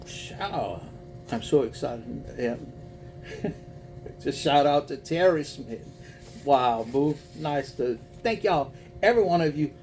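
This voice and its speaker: A man's voice: fairly high pitch, darkish tone, slight background noise. A man with a Cajun accent hosting a casual livestream, folksy and chatty, reading viewer messages aloud and calling people boo. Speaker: spiritual reading host. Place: home, packing to move.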